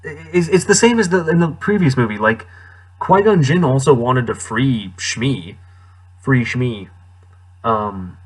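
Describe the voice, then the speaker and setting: A man's voice: on the high side, very animated, moderate pace, slightly rough. Sarcastic man ranting about a movie. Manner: sarcastic, incredulous, laughs often. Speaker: movie reviewer. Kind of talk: casual movie commentary.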